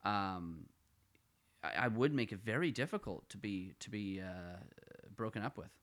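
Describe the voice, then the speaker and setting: A man's voice: on the low side, lively intonation, normal speed, fairly bright tone. A young man from the Ottawa Valley with a Canadian accent, co-hosting a casual comedy podcast and rambling with stumbling restarts and self-mockery. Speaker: podcast co-host.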